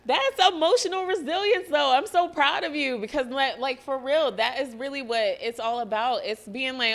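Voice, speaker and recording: A young adult woman, hosting a motivational solo podcast in an energetic, profane way. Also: high voice, normal speed, few pauses. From US (Georgia). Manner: energetic, profane, acts out quoted voices. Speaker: podcast host.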